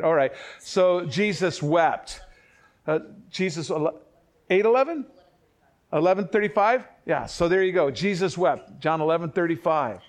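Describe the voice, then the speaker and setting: An older man preaching a sermon in a conversational way, with family anecdotes and quick self-corrections. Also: on the high side. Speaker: pastor.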